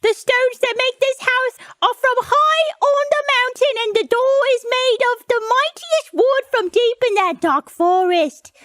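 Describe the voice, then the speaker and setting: A man doing a squeaky, cocky boar brother. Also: measured pace, hardly any pauses, bright, forceful tone, slight background noise, full character voice. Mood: boastful. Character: cocky middle male boar, boastful. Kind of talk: comedic improvised storytelling.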